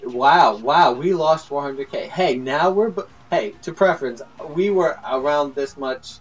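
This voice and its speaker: A man doing let's play commentary, excitable and laughing, yelling at his teammates. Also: fairly high pitch, measured pace, distant mic, muffled recording, soft background music. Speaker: gaming YouTuber.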